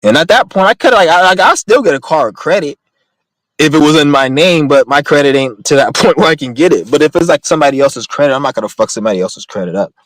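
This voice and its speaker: A man's voice: a little high, expressive, quick pace, fairly bright tone, no echo, poor audio. A young man in a casual, profane, rambling rant, speaking bluntly to his viewers. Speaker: vlogger.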